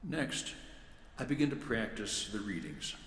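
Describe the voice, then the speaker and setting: A man who serves as a church lector, giving a measured, deliberate talk on how he prepares scripture readings. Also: fairly low pitch, big pitch swings, a bit bright, slight background noise. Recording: echoey room with long reverb.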